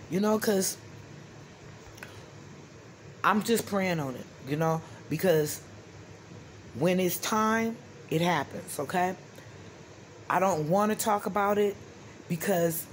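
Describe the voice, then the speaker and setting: A woman's voice: fairly low pitch, slight background noise. A middle-aged woman hosting her own vlog, talking bluntly and angrily with lots of swearing, often checking in with "okay?". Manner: blunt, profane, keeps asking "okay?"; vents anger openly. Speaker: channel host. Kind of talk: casual vlog talk to camera.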